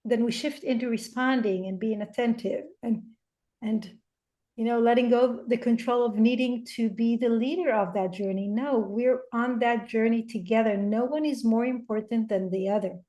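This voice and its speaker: Female guest, higher pitch, soft reflective delivery, restarts phrases as she thinks. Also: fairly even intonation, moderate pace. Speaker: interview guest, parenting coach. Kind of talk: reflective interview talk.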